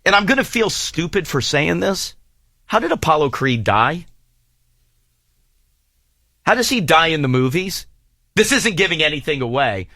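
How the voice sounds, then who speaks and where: A man hosting a morning radio show, bantering excitedly and joking with his co-hosts. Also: on the high side, normal speed, pauses often, no room sound, studio quality. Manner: animated, excitable, jokey. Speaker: radio host. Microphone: studio microphone.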